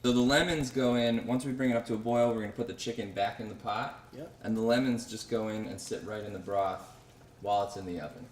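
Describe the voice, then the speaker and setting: A man casually chatting while cooking, relaxed and repeating phrases. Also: lowish voice, quick pace, far from the mic. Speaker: cook. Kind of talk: casual cooking demo chat. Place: kitchen. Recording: echoey kitchen, mic from afar, noisy. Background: frying and sizzling.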